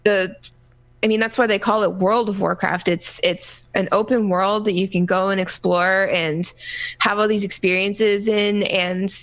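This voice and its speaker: Rambling, halting woman podcast host. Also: mid-range voice, fairly even intonation. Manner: rambling, halting, many restarts and fillers. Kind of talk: casual gaming podcast chat.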